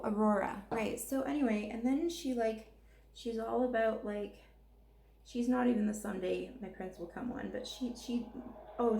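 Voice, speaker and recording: Woman makeup vlogger, casual and foul-mouthed, raspy fry, roomy echoing sound. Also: mid-range voice, darkish tone, slight background noise. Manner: profane, ranting, rambling. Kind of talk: casual rambling chat while doing makeup.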